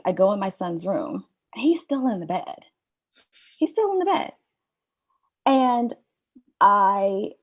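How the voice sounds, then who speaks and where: Candid middle-aged woman, lower-pitched. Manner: candid, rambling, heavy use of "like" and "you know". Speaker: podcast guest. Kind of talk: personal storytelling in conversation.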